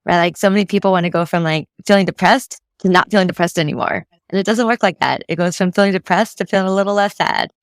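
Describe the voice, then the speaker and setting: Woman coach, fairly low voice, dry close sound, easygoing step-by-step explanations. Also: fast, few pauses, no room sound. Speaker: mental fitness coach, guest. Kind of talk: casual interview explanation.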